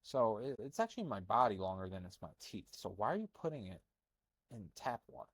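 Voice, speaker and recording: Blunt, rambling low-voiced young man. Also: expressive, fast, breathy edge. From Albania. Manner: rambling, blunt, filler-heavy. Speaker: health coach. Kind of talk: casual monologue.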